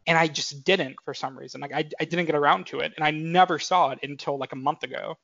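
A man's voice: fairly high pitch, steady tone, fast talker, vocal fry, a bit bright, no echo, highs cut off. Rambling young man on a dry podcast mic. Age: 20s. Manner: rambling, filler-heavy, self-correcting. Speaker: podcast co-host. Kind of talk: casual chat.

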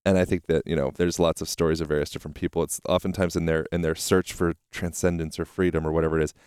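A man's voice: low-pitched, flat delivery, fast talker, darkish tone, clean tone, no room sound, clean studio sound. A young man hosting a podcast interview outdoors, rambling and searching for his words. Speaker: podcast host. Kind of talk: casual interview chat.

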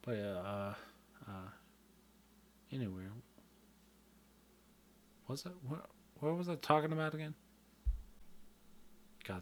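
A man's voice: lowish voice, lively intonation, unhurried, pauses often, a little hiss or hum. Rambling, foul-mouthed man. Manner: profane, rambling, loses his train of thought. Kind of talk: casual rambling monologue.

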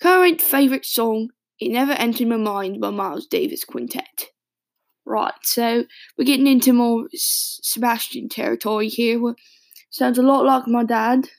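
A woman voicing an adult British man, a longtime smoker with a raspy voice, who reads his childhood diary in a hesitant, rambling audio drama monologue. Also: on the high side, normal speed, natural voice. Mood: reading aloud. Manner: hesitant, rambling, many restarts.

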